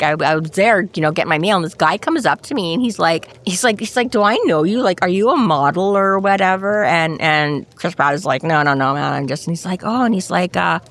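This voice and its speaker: A woman's voice: fairly low pitch, fairly bright tone. A woman co-hosting a book podcast, chatting casually and rambling through stories full of acted-out quotes. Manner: rambling storyteller, lots of "like", acts out quotes. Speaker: podcast co-host. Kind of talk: casual chat.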